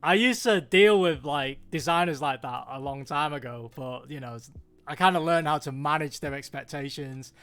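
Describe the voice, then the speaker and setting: A man's voice: a little high, normal speed, a bit bright, clean tone, soft background music. A British man hosting a live stream, chatting casually and animatedly, acting out quoted people in raised voices. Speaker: stream host. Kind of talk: casual chat.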